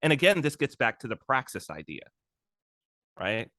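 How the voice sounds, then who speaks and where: A man's voice: mid-range voice, moderate pace, dry recording, studio quality. A man talking as a podcast guest in casual conversation, animatedly telling stories and acting out what other people said. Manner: animated storyteller who acts out other people's speech.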